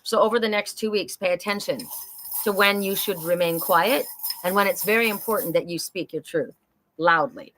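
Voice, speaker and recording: A woman's voice: mid-range voice, normal speed, fairly bright tone. Upbeat middle-aged woman reading oracle cards. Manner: chatty, upbeat spiritual cheerleader, talks to viewers. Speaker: oracle card reader and psychic host.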